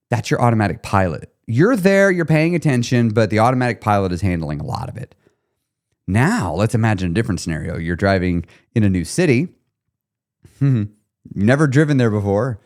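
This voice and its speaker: A man hosting a podcast in a casual, animated monologue who acts out little scenes in a playful way. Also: mid-range voice. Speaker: podcast host.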